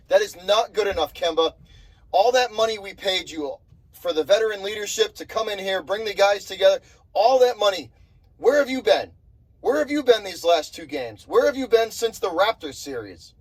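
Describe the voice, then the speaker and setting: Expressive and high-pitched, a young man's voice comes through poor audio at normal speed as he angrily rants about his basketball team. This sports vlogger's fired-up tirade is full of swearing and exasperated repetition.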